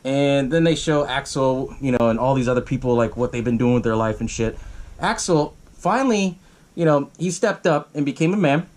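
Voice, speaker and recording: A man's voice: mid-range voice, normal speed. A young man hosting a podcast, casually recapping a horror film with lots of swearing and acted-out bits of dialogue. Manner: profane, animated retelling with acted-out quotes. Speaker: podcast host.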